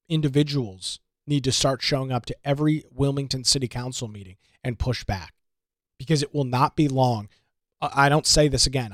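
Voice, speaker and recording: A man's voice: mid-range voice, dry recording, clean studio sound. A man hosting a political talk show, delivering an emphatic, indignant monologue with lots of rhetorical repetition. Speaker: radio talk show host.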